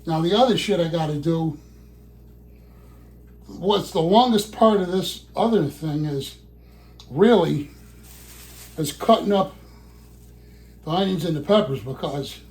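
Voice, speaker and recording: A man's voice: on the high side, measured pace, pauses often, a little mellow. Rambling, cussing man muttering in his kitchen. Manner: rambling, swears often, mutters to himself. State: out of breath. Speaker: vlogger. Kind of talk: casual cooking vlog. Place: home kitchen.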